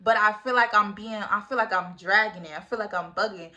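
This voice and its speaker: A young woman in her twenties telling a casual storytime, animated and full of slang, laughing often. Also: medium pitch, a little fast. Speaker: vlogger.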